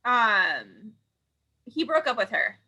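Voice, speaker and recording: A woman co-hosting a casual live show with a fairly high, bright voice. She speaks in a measured way and calmly sets the facts straight. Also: rough recording. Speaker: podcast co-host.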